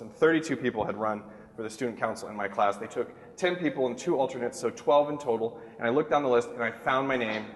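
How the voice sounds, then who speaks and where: A man in his thirties telling a comic story to a crowd at a talk, animated and self-mocking, sometimes jumping into a high squeak to act out other people. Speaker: keynote speaker. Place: large hall. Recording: echoey hall with long reverb.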